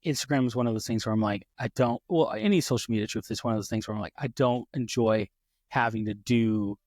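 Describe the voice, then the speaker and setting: A man's voice: mid-range voice, quick pace, darkish tone, no room sound, studio quality. A man hosting a casual podcast, rambling and self-deprecating with lots of restarts and fillers. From United States. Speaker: podcast host.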